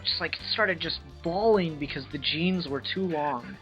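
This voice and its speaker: A man tells crude stories and teases his co-host while playing through a game. His voice is bright and forward, with faint music playing behind. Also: a little high, unhurried, lo-fi sound. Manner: teasing, crude, storytelling. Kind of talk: casual gaming chat.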